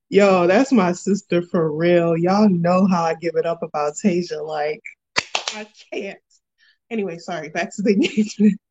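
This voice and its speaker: A woman hosting a casual reality TV recap, animated and slangy, laughing often. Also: lowish voice, a little slow, husky, lo-fi sound. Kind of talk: casual chat.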